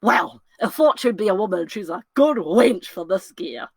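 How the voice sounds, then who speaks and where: A woman's voice: mid-range voice, moderate pace, husky, dry recording, voice pushed down. A woman doing Lancelot Gobbo, a jittery comic servant. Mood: cheeky. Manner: lively comic monologue, voices his fiend and conscience. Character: comic young male servant, jittery and torn. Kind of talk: solo dramatic reading of a classic play.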